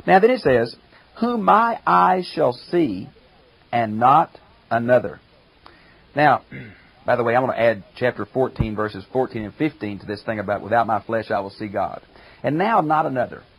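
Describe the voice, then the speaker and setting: An older man and pastor teaching a Bible commentary lecture, emphatic, slowing down to stress quoted verses. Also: mid-range voice, lively intonation, breathy edge, low-quality recording.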